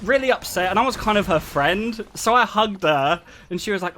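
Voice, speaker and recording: A young man telling stories to his live chat, animated and self-deprecating and laughing often. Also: sits high, moderate pace, few pauses, a little hiss or hum. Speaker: streamer. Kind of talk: casual storytelling to a live chat.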